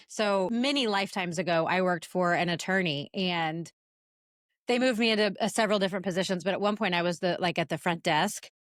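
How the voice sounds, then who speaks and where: A woman in her forties co-hosting a casual business podcast, chatty and animated as she tells stories. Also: on the low side, no echo, studio quality. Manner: storytelling, chatty, animated retellings. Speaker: podcast co-host.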